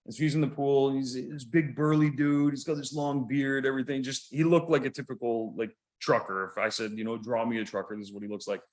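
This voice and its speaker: A man's voice: mid-range voice, fairly even intonation, a little fast, few pauses. Canadian man in loose, laughing chat. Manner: laughs often, rambling, swears casually. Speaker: podcast co-host. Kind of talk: casual chat.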